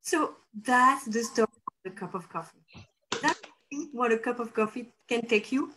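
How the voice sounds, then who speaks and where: A woman hosting a casual chat, telling a story in a lively way and acting out what people said. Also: on the high side, moderate pace, slight background noise, poor audio. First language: French. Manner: animated, acts out quotes with laughs. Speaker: host.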